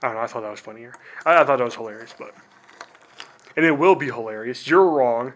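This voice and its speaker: A man's voice: mid-range voice, a little fast, a bit bright. Rambling young man unboxing on camera. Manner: rambling and self-deprecating, full of "like" and trailing asides. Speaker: video host. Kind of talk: casual unboxing vlog.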